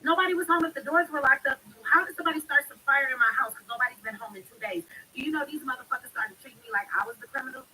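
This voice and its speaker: A woman's voice: high voice, rapid-fire, hardly any pauses, bright, forceful tone, slight background noise, poor audio. A woman hosting a live stream, talking bluntly and emphatically in a heated monologue. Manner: blunt, emphatic, speaks with heavy profanity.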